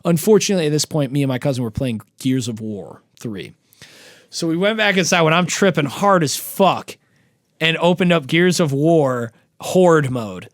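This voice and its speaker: A young man with a voice a touch higher than most, telling a story in loose, casual talk. He swears often and gets animated as he goes. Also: normal speed. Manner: animated, profane, laughing storyteller. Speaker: podcast guest.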